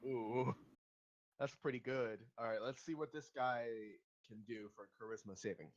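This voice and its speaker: Male game master, halting narration, dull lo-fi sound. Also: medium pitch. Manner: hesitant, many fillers. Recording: dull lo-fi recording.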